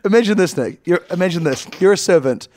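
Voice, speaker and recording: A man's voice: high voice, expressive, fast talker, darkish tone, no room sound. A man co-hosting a casual comedy podcast, rambling and joking and laughing often. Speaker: podcast co-host.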